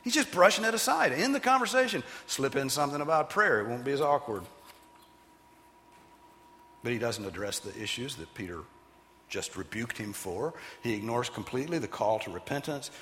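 Pastor guy preaching, really lively ups and downs, bright voice, big echoey hall. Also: medium pitch, normal speed, a little hiss or hum. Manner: animated, emphatic preaching with sudden loud acted quotes. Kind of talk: sermon.

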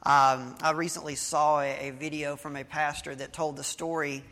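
A man's voice: fairly high pitch, little pitch movement, normal speed, pushed and bright. A male pastor giving a sermon, reading scripture and telling a story in a conversational preaching manner with small restarts. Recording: long hall reverb.

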